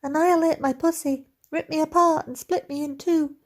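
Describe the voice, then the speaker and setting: Woman doing a squeaky chipmunk-voiced heroine. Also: fairly even intonation, normal speed, natural voice. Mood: pleading. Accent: Scottish. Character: overwrought female romance heroine, breathless and begging.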